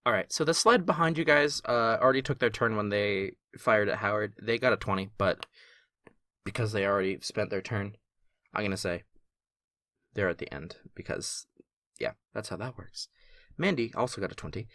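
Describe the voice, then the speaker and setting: A man's voice: on the low side, normal speed, sharp tone, dry recording, studio quality. A man running a tabletop game as game master, laid-back and joking as he talks through his rulings.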